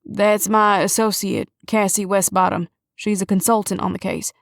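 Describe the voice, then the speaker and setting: A woman narrator voicing a calm male police chief who speaks firmly and reassuringly. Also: medium pitch, moderate pace, gravelly, no echo, studio quality, natural voice. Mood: grave. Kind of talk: audiobook character reading.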